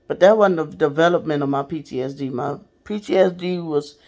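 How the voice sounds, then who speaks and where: Woman, podcast host, raspy fry in the voice, casual storytelling, blunt and swearing. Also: low voice, a little fast, warm tone, dull audio. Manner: candid and profane, addresses listeners directly.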